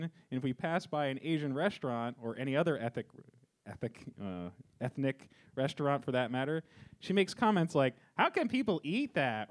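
Giggly high-pitched male podcast host. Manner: giggly, stumbles when reading aloud. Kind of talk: casual comedy podcast chat.

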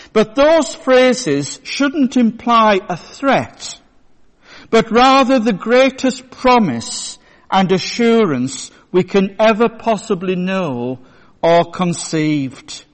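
A male pastor giving a sermon in a church, telling a story in a measured way. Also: high-pitched, expressive. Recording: long church reverb.

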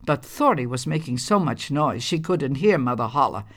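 A woman reading a storybook aloud with calm, measured, expressive narration. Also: a bass voice.

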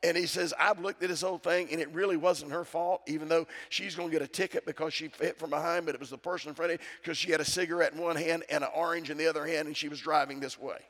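Gravelly preacher man in a reverberant church. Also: fairly high pitch, fairly even intonation, quick pace, hardly any pauses, fairly bright tone. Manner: preaching with call-and-response to the congregation. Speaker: pastor. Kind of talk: sermon. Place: church sanctuary. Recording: church sound with long reverb.

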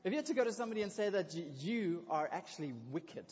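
A man preaching a sermon in a lively, conversational way, with excited asides. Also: high voice, quick pace, husky. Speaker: pastor. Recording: dull lo-fi recording in a reverberant hall.

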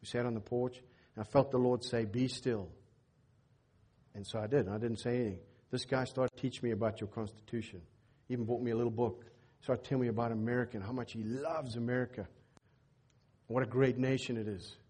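A middle-aged pastor preaches in a church with a husky, mellow voice. He tells a story in his sermon and acts out the dialogue in an animated way, raising his voice for the other people in it. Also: mid-range voice, fairly quick.

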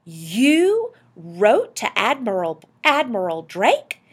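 A woman's voice: mid-range voice, sing-song, unhurried, slightly rough, heavily acted. A woman voicing a prim, fussy housewife. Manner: scolding, prim. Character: practical fussy housewife, middle-aged woman.

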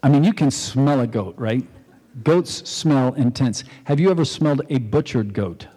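A man's voice: mid-range voice, normal speed, dark tone, slightly rough. A man pastor preaching a sermon, retelling a story in a conversational way and acting out the quotes. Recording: long reverb in a large hall.

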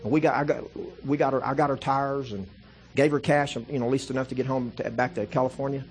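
A man's voice: medium pitch, steady tone, quick pace, slight background noise. A man preaching a sermon as pastor, telling stories in a conversational way and building to impassioned, fervent preaching. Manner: conversational storytelling with repeated "see" and restarts.

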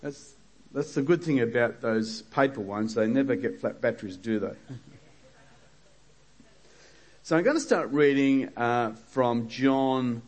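A man's voice: mid-range voice, measured pace, long pauses, darkish tone. A male preacher reading scripture in a sermon, breaking off for chatty asides and small chuckles.

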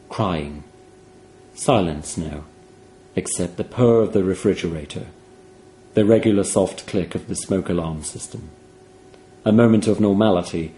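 A man reading a horror story aloud in a grave, hushed, measured way. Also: sits low, a little hiss or hum. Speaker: narrator.

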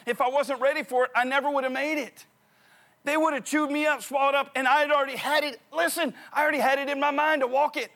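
A middle-aged man preaching a sermon, telling stories with animated repetition of key phrases. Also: very high voice, fast talker. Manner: animated storytelling, repeats phrases for emphasis. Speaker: pastor.

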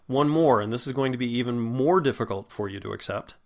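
A man giving a spoken lesson on English vowels, patiently demonstrating each sound and stretching words slowly. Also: mid-range voice. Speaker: voice and diction teacher.

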